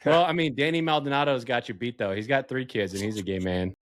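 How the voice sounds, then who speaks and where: Speaking fast in a mid-range voice, a young podcast host chats casually and ribs his guest with crude humor, laughing frequently.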